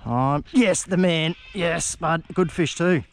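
An excitable Australian man chatting with a mate while fishing on a river, recorded outdoors on a camera mic. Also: fairly high pitch, slow pace, a little hiss or hum. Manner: excitable, laughing banter with a mate. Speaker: fishing vlogger. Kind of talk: casual chat while fishing.

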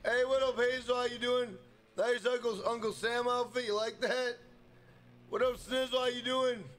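A man's voice: very high-pitched, steady tone, moderate pace, slight background noise. Hyped, profane young man streamer. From Minnesota. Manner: hyped, profane, shouts out chat members. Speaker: gaming live streamer. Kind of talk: casual live-stream chat.

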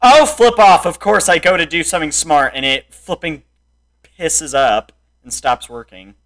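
A young man in raging gameplay commentary, frustrated, swinging between muttered complaints and loud shouts at the game. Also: a little high, normal speed. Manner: frustrated, yelling and insulting the game. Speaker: gameplay streamer.

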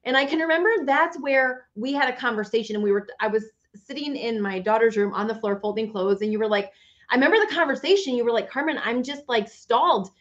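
A woman's voice: a little high, fast talker, highs cut off. A woman host talking with a friend in a casual, empathetic interview chat. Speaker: podcast host.

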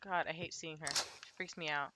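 A woman's voice: low-pitched, fairly even intonation, brisk, pushed and bright, slight background noise. A young woman playing a horror game with a friend, jumpy and swearing as she gets startled. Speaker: gamer streaming a co-op horror game. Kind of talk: casual gameplay chat.

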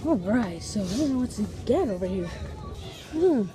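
Music plays in the background as a very animated woman with a voice on the high side vlogs at a moderate pace, walking outdoors on streets and in a park. She chats casually with viewers, heaping on big vocabulary words.

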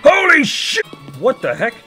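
Mr. Krabs, a bright, lively pirate crab. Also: male voice, very high voice, measured pace, music in the background, exaggerated voice. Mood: panicked. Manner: salty pirate-like growls, frantic yelling. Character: gruff greedy old sea captain crab boss. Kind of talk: in-character gaming commentary.

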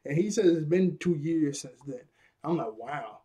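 A man's voice: a little high, moderate pace, warm tone. A man giving a casual, rambling episode review, laughing often at his own jokes.

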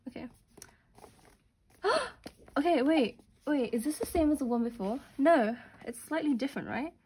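A young woman doing casual unboxing commentary, gushing and gasping with excitement over what she pulls. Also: fairly high pitch, measured pace, slightly rough. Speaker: unboxing vlogger.

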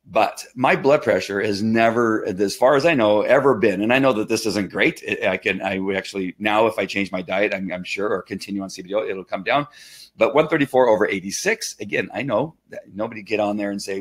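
Excitable man chatting on a live stream. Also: on the low side, fairly quick. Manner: excitable, chatty, rambling with many restarts. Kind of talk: casual live stream talk.

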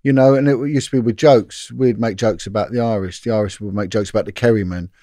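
A man's voice: lowish voice, quick pace, dark tone, dry recording, clean studio sound. A middle-aged British man, a former police detective telling a long anecdote in a casual interview, with lots of restarts. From Britain.

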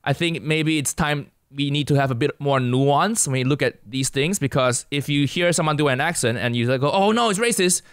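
A man's voice: medium pitch, normal speed, hardly any pauses, smooth, no room sound, clean studio sound. A young man from Asia, a comedian and guest on a casual podcast, laying out his view point by point. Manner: lays out his argument point by point.

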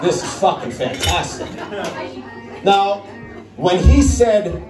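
A man's voice: high-pitched, sing-song, takes it slowly, pauses often, music in the background. A man with an American accent telling a long story on stage as a stand-up comedian, chatty and conversational, often tagging lines with "right?". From Netherlands. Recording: echoey room, from far off, crowd. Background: audience laughter.

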